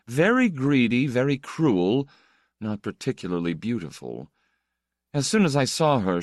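A man's voice: medium pitch, dry recording, studio quality, close to an everyday voice. A man voicing an anguished young male poet who talks with bitter, self-mocking intensity.

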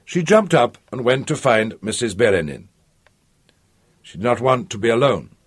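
Male audiobook narrator, husky, lively pitch. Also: normal speed. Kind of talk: scripted narration.

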